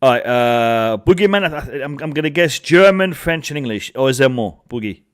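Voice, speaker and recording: A man's voice: mid-range voice, expressive, fairly quick, clear, resonant tone. A man hosting a casual group chat on a live stream, chatty and laughing, often repeating himself. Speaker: stream host.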